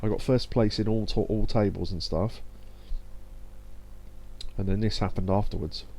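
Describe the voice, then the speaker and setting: A man's voice: fairly low pitch, steady tone, moderate pace, darkish tone. A young man casually commenting while streaming a game, chatty and laughing often as he reads game text aloud. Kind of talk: casual let's-play commentary.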